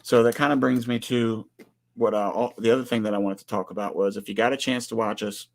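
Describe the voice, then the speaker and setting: A man's voice: on the low side, steady tone, quick pace, creaky, darkish tone. A man in his forties co-hosting a casual livestream, speaking earnestly and greeting viewers by name. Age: 40s. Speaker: livestream co-host.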